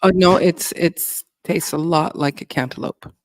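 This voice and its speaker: A woman's voice: on the low side, unhurried, dry recording. A middle-aged woman chatting casually as a co-host, rambling and easygoing, chuckling often. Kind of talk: casual chat.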